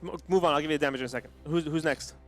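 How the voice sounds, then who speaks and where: A man playing in a tabletop game, chatting in a relaxed way. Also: fairly high pitch, very fast, faint music behind. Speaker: player. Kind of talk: casual tabletop play.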